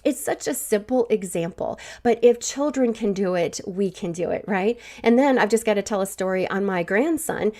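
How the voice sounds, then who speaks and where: A woman's voice: mid-range voice, animated, normal speed, few pauses. Grandmotherly woman telling a faith talk. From Southwest Missouri. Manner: warm storytelling with laughs. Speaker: podcast host. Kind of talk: faith-based encouragement talk.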